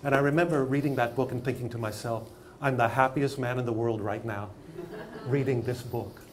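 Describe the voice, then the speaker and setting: An older man teaching acting, talking in an animated, emphatic storytelling way. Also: medium pitch, fairly quick, noisy background. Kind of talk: masterclass discussion.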